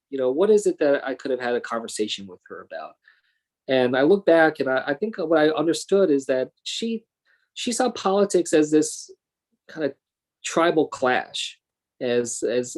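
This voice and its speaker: A man's voice: mid-range voice, a little mellow. A man in his thirties speaking as a congressman and guest in a panel conversation, earnest and thoughtful, with frequent fillers and restarts. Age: 30s.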